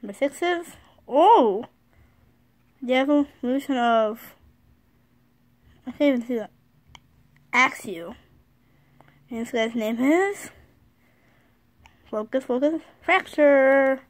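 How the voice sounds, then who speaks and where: A school-age girl vlogging casually from her bed, excitable, reading card names aloud and often apologizing. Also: sits high, slow, pauses often. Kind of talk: casual card-opening vlog. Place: sitting on her bed at home.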